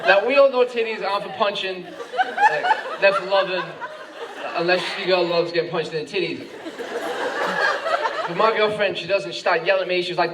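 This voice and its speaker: Young man, Australian accent, high voice, rambling stand-up, filler-heavy, noisy live club recording. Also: sing-song, normal speed, long pauses, distant mic, a loud crowd. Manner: rambling, full of "like" and "um", rising to frantic rants. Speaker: stand-up comedian. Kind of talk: stand-up comedy set. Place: comedy club stage with laughing audience.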